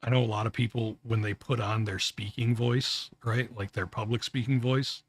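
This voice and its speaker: A man streaming casual reaction commentary, halting and often restarting his words with little chuckles. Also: mid-range voice, steady tone, slightly rough, no echo.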